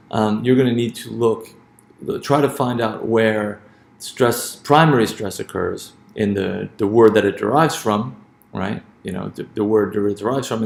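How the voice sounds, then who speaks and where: Gravelly-voiced man teaching a lesson. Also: fairly low pitch, echoey room. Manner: hesitant, repeats words, asks "right?". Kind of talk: lecture on word stress.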